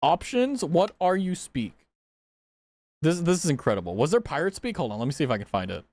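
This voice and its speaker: A man's voice: fairly high pitch, big pitch swings, brisk, a little mellow. Playful male game streamer with a sing-song, up-and-down delivery and frequent giggles. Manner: playful, giggly, reads menu items aloud. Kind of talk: casual gameplay commentary.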